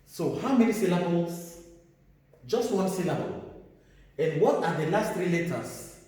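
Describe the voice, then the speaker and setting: An English teacher gives a classroom grammar lesson, speaking slowly and deliberately, repeating key words and spelling out letters. His mellow voice sits a little high for a man and has lively intonation. He sounds distant from the mic, in a room with a long echo.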